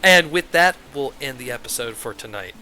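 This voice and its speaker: A man's voice: mid-range voice, lively intonation, normal speed, over loud music. A man narrating as game master, talking casually with lots of fillers.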